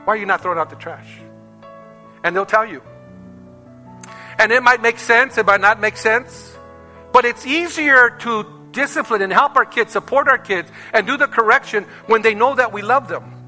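A man's voice: sits high, bright, forceful tone. A male pastor preaching a sermon to his congregation, emphatic and calling for amens. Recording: long hall reverb with faint music.

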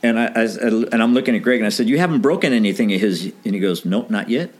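A man's voice: on the low side, racing. A middle-aged man casually telling a story from his band days, acting out the dialogue and laughing now and then. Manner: animated anecdote with quoted dialogue, laughs often.

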